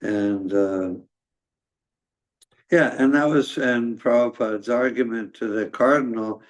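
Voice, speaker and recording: A man giving a scripture class in a halting, conversational way, with many fillers and restarts. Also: mid-range voice. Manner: conversational storytelling. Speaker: class speaker.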